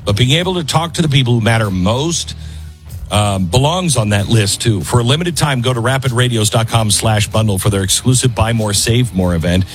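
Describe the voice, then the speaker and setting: A man's voice: medium pitch, animated, brisk, faint music behind. A middle-aged man hosting a talk show in a conversational style, breaking off and restarting his sentences. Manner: conversational, self-interrupting, with fillers. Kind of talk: talk radio monologue and ad read.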